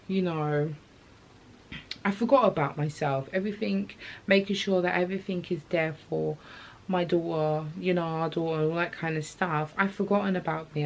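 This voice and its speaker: A young woman, talking candidly in her vlog about motherhood in a chatty, emotional way. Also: deep voice. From England. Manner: open, chatty, emotional storytelling with slang. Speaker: vlogger. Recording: faint background noise.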